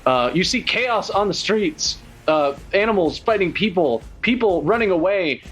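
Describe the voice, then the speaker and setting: A man's voice: high voice, expressive, moderate pace, fairly bright tone, husky, faint music behind. A man narrating as game master in a casual, joking way with swearing and laughter.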